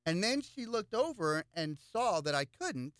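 This candidate for local office has a high voice and takes his time as he recounts stories in a relaxed interview, often repeating himself with animated energy. The studio recording has no room sound.

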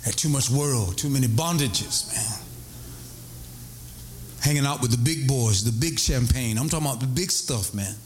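A middle-aged man, a pastor telling a story in a sermon, animated and prone to high excited cries. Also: moderate pace, a little hiss or hum.

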